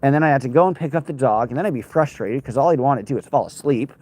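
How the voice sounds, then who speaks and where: A man's voice: medium pitch, quick pace, darkish tone. A young man, a former news anchor, chatting in a rambling, wry way while walking outdoors in the cold and answering viewers. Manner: rambling, self-interrupting, wry. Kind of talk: casual walking vlog chat, answering viewer comments.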